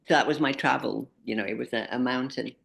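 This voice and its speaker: A woman in her sixties telling animated anecdotes as an interview guest, often laughing at herself. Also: a bass voice, quick pace, vocal fry. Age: 60s. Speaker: interview guest, speaker and expedition leader. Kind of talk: casual interview storytelling.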